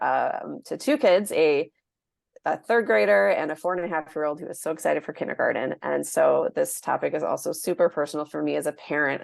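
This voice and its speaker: A woman's voice: sits low, vocal fry, dry recording, clean studio sound. A woman in her thirties introducing herself on a panel in an earnest way, with many fillers.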